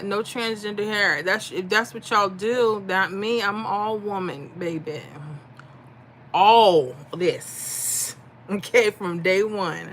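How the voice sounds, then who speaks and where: A woman's voice: mid-range voice, pushed and bright, a little hiss or hum. A middle-aged woman from Florida, chatting casually on a livestream and reading out viewer comments. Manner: chatty, reads comments aloud, folksy. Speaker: livestream host.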